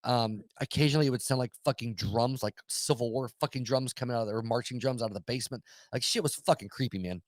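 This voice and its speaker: A man's voice: mid-range voice, quick pace, hardly any pauses, dry recording. A man co-hosting a podcast, swearing a lot as he tells a story in casual chat. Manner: profane, animated storyteller. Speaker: podcast co-host.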